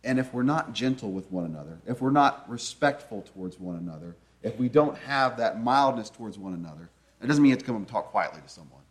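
A man's voice: on the low side, lively intonation, quick pace, few pauses. A man preaching a sermon in an earnest, conversational teaching manner, often asking his listeners rhetorical questions.

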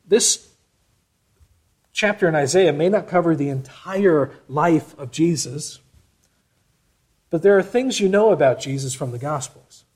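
A man preaching a sermon, reading scripture aloud and explaining it with expressive shifts in loudness. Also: fairly high pitch, unhurried, long pauses, slightly rough.

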